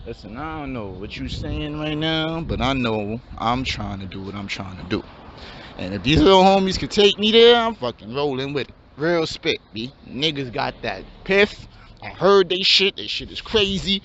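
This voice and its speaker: A man's voice: medium pitch, animated, normal speed, a bit bright, lightly acted. A man voicing a laid-back young male dreamer in a comedy skit, drawling slang in a mumble. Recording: dull lo-fi, faint hum.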